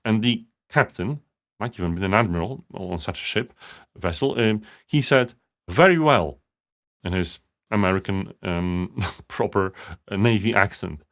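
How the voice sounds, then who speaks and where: A man's voice: on the low side, normal speed. A man hosting a live leadership coaching show, talking casually and rambling with many fillers and restarts. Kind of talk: casual live-stream monologue.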